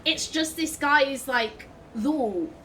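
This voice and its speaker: A woman's voice: high-pitched, animated, measured pace, sharp tone, a little hiss or hum. A woman, chatting through a video game as a let's play host, swearing freely and laughing often. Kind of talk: casual gameplay commentary.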